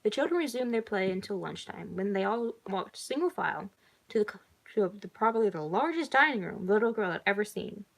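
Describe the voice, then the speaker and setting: A woman reading a story aloud, stopping for quiet asides of her own. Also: medium pitch, lively intonation, fairly quick, creaky, poor audio. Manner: quiet asides between passages. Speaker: story reader.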